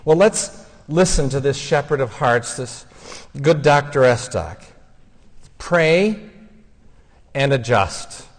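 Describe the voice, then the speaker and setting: A man giving a funeral homily, speaking in a gentle, heartfelt storytelling way. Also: mid-range voice, expressive, slow pace, long pauses. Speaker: homilist and son of the deceased. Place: church. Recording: long church reverb.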